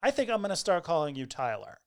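A woman's voice: on the low side, big pitch swings, quick pace, no room sound, studio quality. A woman hosting a podcast, chatting loosely, laughing often and swearing freely. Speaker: podcast host. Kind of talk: casual chat.

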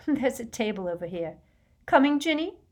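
Woman reading a clever bossy teen girl, audiobook voice, quick, emphatic, a bit higher. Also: very animated. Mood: clipped. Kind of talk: audiobook character voice.

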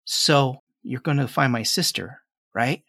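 A man's voice: medium pitch, a little slow, a bit bright, slightly rough, no room sound, studio quality. A man voicing a nervous, earnest boy of about ten in a tabletop game, talking in a solemn, chatty, hesitant way. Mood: worried.

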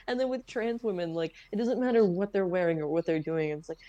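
A woman's voice: fairly low pitch, brisk, hardly any pauses, warm tone, lo-fi sound. A woman in casual chat, speaking in a slangy, sarcastic way.

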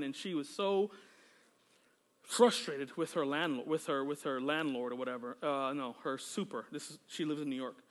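During a church service, a male pastor with a fairly high, slightly bright voice preaches a sermon. He is fervent and exclamatory, frequently breaking into praise and joking casually with the congregation.

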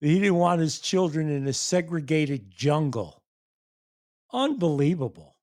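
His voice high, sing-song and a little mellow, a man slowly and heavily rants about politics to his online viewers. The pitch jumps all over, and he curses nonstop between bursts of disbelieving laughter.

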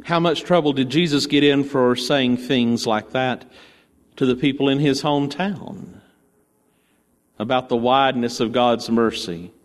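Storytelling pastor in a reverberant church. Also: male voice, medium pitch. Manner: conversational storytelling, playful asides. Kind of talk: sermon.

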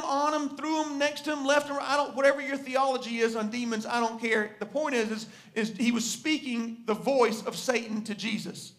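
A man's voice: extremely high pitch, a bit bright. A man preaching a sermon to a live congregation, conversational and full of questions to his listeners. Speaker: pastor. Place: church sanctuary before a congregation.

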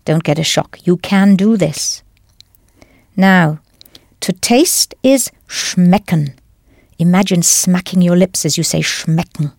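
A woman teaching a language lesson in a clear, patient, encouraging scripted voice. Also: lowish voice, slow pace, darkish tone, no room sound, studio quality.

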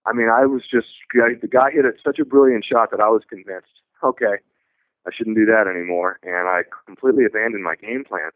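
A tennis coach talking on a radio show, telling stories in a relaxed, conversational way. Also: male voice, mid-range voice, a little fast, dry recording. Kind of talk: radio talk show discussion. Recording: tinny phone-like radio audio.

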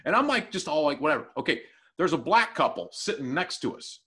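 Male co-host, crude animated storyteller, lively swinging pitch, bright tone. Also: fairly quick. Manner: profane, animated anecdote telling with acted-out quotes. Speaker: podcast co-host and new tech guy. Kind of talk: casual chat, storytelling.

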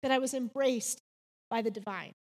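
A woman in her thirties gives a heartfelt faith devotional at normal speed in a high, bright voice. She tells her story earnestly, dropping in casual "like"s, while a long reverb trails behind her words.

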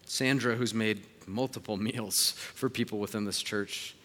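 A man in his thirties preaching a sermon as pastor, earnest, moving between hushed and rising emphasis. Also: fairly low pitch, fairly even intonation, measured pace. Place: church sanctuary. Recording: long hall reverb.

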